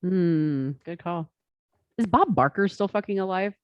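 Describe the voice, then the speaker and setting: A podcast co-host chatting casually, throwing in quick quips. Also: mid-range voice, expressive, smooth, no echo, muffled recording. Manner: quick quips, frequent laughter. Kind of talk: casual chat.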